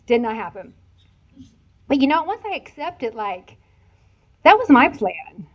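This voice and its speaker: A woman in her sixties from Indiana giving a chatty, animated church talk with laughing asides. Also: high voice, a little slow. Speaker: church speaker. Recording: dull lo-fi sound.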